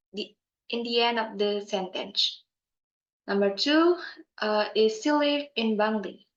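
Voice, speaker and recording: A young woman from Bali with an Indonesian accent, giving a careful, measured class presentation as a university student, with small slips and restarts. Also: fairly high pitch, fairly bright tone. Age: young adult. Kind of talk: scripted explanation. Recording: echoey room, dull lo-fi sound.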